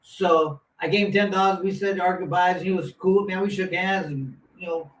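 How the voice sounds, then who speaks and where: A man's voice: high-pitched, moderate pace. A former boxer in his fifties, telling a long casual story with many restarts and asides. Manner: rambling, animated anecdote with many restarts. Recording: roomy, distant mic, faint noise.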